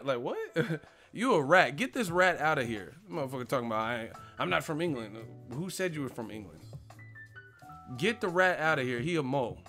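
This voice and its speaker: A man's voice: on the high side, sing-song, brisk, pushed and bright, faint music behind. A man hosting a boxing live stream, reading chat questions and answering in a brash, mocking, profane trash-talk manner.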